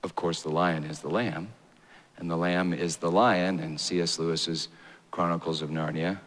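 A man preaching a sermon, dramatic and rising to loud high peaks. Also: steady tone, normal speed. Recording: long hall reverb.

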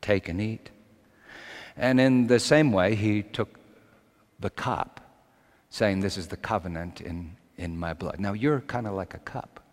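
A man delivers an impassioned sermon in a slightly low voice. He drops to hushed tones and then builds toward fervent, raised passages. The sound carries a long reverb, as if he is recorded in a large church hall. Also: unhurried. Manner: impassioned, swings from hushed to shouting. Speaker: preacher.

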